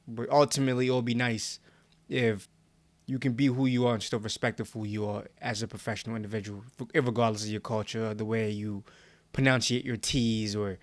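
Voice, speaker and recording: A man's voice: medium pitch, dry recording. A young man co-hosting a podcast, talking casually with slang and laughs. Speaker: podcast co-host.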